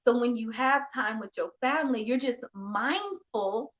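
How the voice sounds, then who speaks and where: A woman's voice: on the high side, unhurried. A woman hosting a casual talk show chat, affirming her guest and often asking "right?". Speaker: host. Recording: dull, lo-fi sound.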